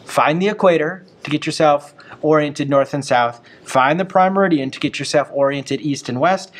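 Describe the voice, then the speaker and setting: A man's voice: on the high side, moderate pace. Chatty man explaining a map lesson. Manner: chatty, folksy explaining with asides. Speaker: teacher.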